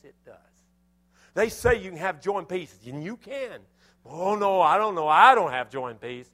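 A man preaching a sermon, telling a personal story with animated, self-scolding exclamations before closing in prayer. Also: medium pitch.

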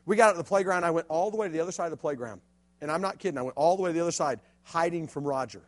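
A middle-aged man, a youth pastor preaching a sermon, dropping to a hush and then building to loud, emphatic appeals. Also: a little high, very fast. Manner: storytelling preacher, swings from hushed to loud and emphatic.

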